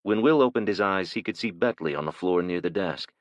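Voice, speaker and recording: A man narrating a thriller audiobook in a measured, steady storytelling manner. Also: low-pitched, no room sound, lo-fi sound.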